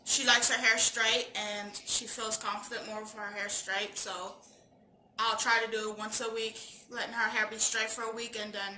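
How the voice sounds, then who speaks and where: Woman, beauty vlogger, chatty and giggly, high and very bright voice, echoey room, faint background hum. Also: little pitch movement, normal speed. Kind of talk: casual tutorial intro.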